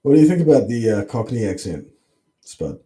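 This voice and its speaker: A man's voice: on the low side, very animated, fairly quick, dark tone. A man co-hosting a late-night livestream, laid back and joking in casual chat. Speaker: stream co-host.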